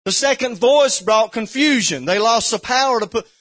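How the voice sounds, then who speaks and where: Preacher guy, high voice, gets loud and fired up, keeps asking the same question over and over. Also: lively intonation, moderate pace. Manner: fervent, building to shouts with repeated questions. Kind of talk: sermon.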